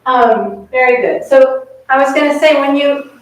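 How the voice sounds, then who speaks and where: A woman's voice: sits high, moderate pace, a little hiss or hum. A woman coaching a chamber group in a masterclass, encouraging and chatty, often singing rhythms on nonsense syllables. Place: rehearsal room in a community center. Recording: echoey room, miked from a distance.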